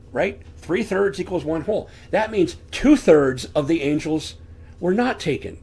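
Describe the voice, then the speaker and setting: A man with a somewhat high, husky voice talks through a Bible lesson from a room at home. He preaches in a conversational, earnest way, asking his listeners questions. He speaks into a desk microphone while on camera. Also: a little mellow.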